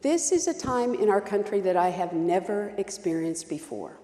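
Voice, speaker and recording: A woman's voice: medium pitch, expressive, normal speed, warm tone, reverberant, in a large hall. A woman pastor preaching a sermon, telling stories with strong emphasis and repetition.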